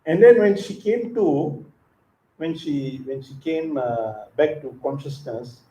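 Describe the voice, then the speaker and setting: A man's voice: on the high side, expressive, takes it slowly, dark tone, highs cut off. A man giving a scripture class, reading verses and then explaining them in casual asides, chuckling often. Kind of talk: sermon. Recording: echoey temple hall.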